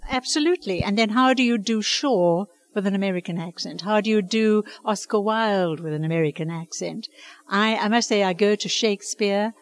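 A woman's voice: mid-range voice, moderate pace. An older woman who works as a dialect coach, talking earnestly and emphatically in an interview. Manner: earnest, emphatic, passionate about her craft. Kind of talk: conversational interview.

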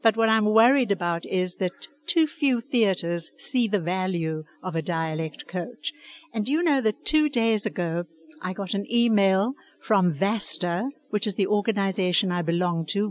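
An older woman talking about her work as a dialect coach in an interview. She speaks earnestly and with emphasis, passionate and a little fussy about getting things right. Her voice sits at an ordinary pitch for a woman. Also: measured pace. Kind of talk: conversational interview.

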